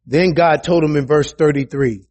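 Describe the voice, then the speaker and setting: A man preaching a sermon in a conversational way, with asides to his listeners and a voice that climbs high for emphasis. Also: normal speed. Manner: animated, rises high for emphasis and quoted voices; conversational, with restarts and asides to the congregation.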